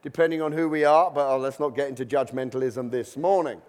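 A man's voice: medium pitch, quick pace, darkish tone. A man preaching a sermon in a church, talking conversationally and acting out the voices of struggling believers.

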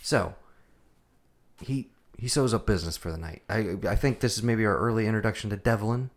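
A man co-hosting a casual movie-review podcast. His voice sits fairly low, and he talks in an animated, profane way, slipping into the characters' lines as he retells scenes. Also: a little fast. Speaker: podcast co-host.

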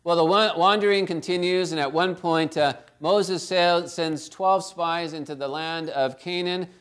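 A man's voice: fairly high pitch, fairly even intonation, a little slow, fairly bright tone, smooth. A man preaching a sermon, retelling a story and exhorting his listeners with earnest, direct questions.

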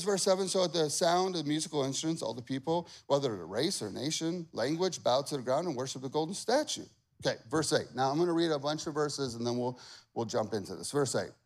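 A man preaching a sermon, reading scripture aloud with acted-out voices, jumping from loud emphatic lines to quiet asides. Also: on the high side. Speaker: pastor.

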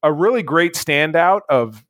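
A man's voice: fairly high pitch, animated, unhurried, fairly bright tone, no room sound. A man co-hosting a casual chat, reviewing a movie in a blunt, rambling way with lots of fillers and restarts. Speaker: podcast co-host, movie reviewer.

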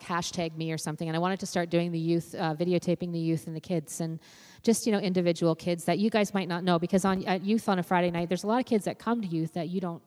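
A woman's voice: on the low side, darkish tone. Woman preaching in a reverberant church hall. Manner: conversational, frequent "you know" fillers. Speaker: youth and children's minister. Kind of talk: informal church sermon. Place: church sanctuary.

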